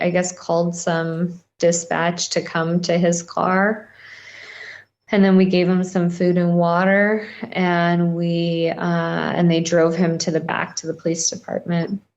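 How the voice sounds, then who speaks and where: A woman guest on a podcast interview, recounting a personal experience in a rambling, halting way with many fillers. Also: on the low side, flat delivery, a little mellow, highs cut off.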